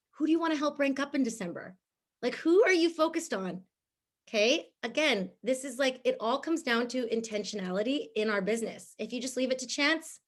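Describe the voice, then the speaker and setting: A woman talking to her team in an upbeat, chatty way, with lots of fillers and frequent laughs. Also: high voice. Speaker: team leader. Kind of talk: motivational group talk.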